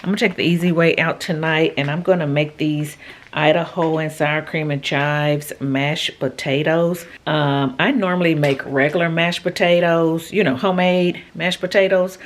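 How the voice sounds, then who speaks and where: A woman's voice: deep voice, moderate pace, a little hiss or hum. A woman vlogger chatting casually to her viewers from her home kitchen while she cooks, with homey asides. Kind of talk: casual cooking vlog chat.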